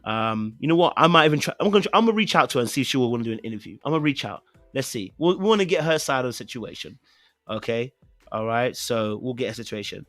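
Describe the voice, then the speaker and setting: A man's voice: medium pitch, expressive, quick pace, fairly bright tone, dry recording. A man with a British accent hosting a podcast in casual live-stream chat, rambling with many fillers and repeated phrases, playfully insistent. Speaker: podcast host.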